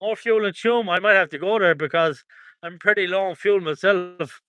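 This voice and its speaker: A man's voice: sits high, moderate pace, a bit bright, smooth, dry recording. An Irish man chatting casually on a livestream from an outdoor protest, reading out viewer comments, rambling and chuckling often.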